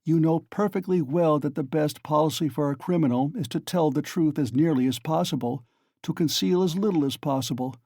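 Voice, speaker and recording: A man's voice: a little high, mellow, dry recording, studio quality. A man voicing Raskolnikov, a tense suspected young man. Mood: bitter. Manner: strained, accusing, at times slow and weak. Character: tense young man under suspicion, defiant and bitter.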